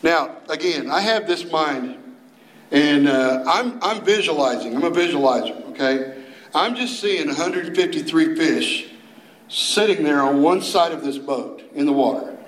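A man preaching a sermon as a youth minister, telling the story in a folksy, animated way with playful put-on voices. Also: on the high side, a little slow, reverberant, rough recording.

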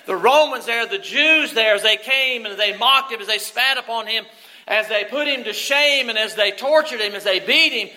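Middle-aged pastor guy preaching, high bright voice, earnest, keeps asking the church questions. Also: normal speed, poor audio. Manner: earnest, asks many questions. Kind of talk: sermon.

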